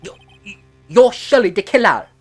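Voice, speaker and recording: A woman's voice: fairly high pitch, very animated, normal speed, breathy edge, faint music behind, pitched above the performer's own voice. A woman doing a stammering young male lawyer. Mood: urgent. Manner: urgent, stammering. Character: earnest young male defense attorney. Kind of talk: fan voice-over of a game.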